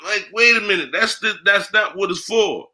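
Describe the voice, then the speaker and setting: Blunt, profane man, bright voice. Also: sits high, normal speed. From United States. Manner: blunt, profane, emphatic, street slang. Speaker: guest, spiritual priest. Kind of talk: candid interview talk.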